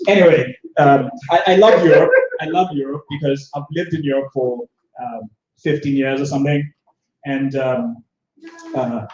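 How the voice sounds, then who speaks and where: A man's voice: a little high, a little mellow. South African man doing rambling stand-up. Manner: rambling, self-deprecating, many restarts. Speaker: stand-up comedian. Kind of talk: stand-up comedy set. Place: open-mic stage in a bar room. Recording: echoey room, dull lo-fi sound.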